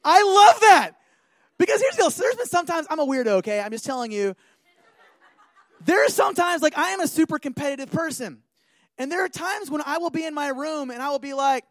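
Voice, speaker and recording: A young man giving a youth sermon, playful and self-deprecating, and he often breaks into shouts. His voice is very high for a man, and the recording is completely dry and close. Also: lively intonation, normal speed, no echo. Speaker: youth pastor.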